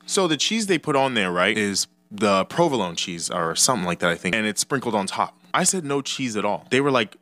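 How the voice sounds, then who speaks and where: A man's voice: medium pitch, animated, quick pace, hardly any pauses, a bit bright. A young man telling a casual, rambling story with profane, exasperated asides, as a storytime YouTuber.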